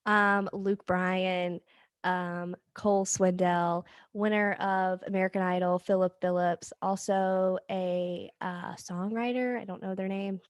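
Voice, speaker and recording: A woman's voice: lowish voice, flat delivery, takes it slowly, dry recording. A woman with a Southern Georgia accent chatting casually and a little self-consciously as podcast co-host.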